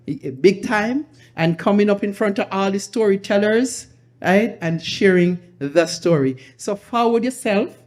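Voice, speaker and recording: A woman with a Jamaican accent hosting a live storytelling night, telling anecdotes with laughter and slipping into patois. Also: medium pitch. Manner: lively, laughing, switches into patois. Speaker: event host. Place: live event venue with audience.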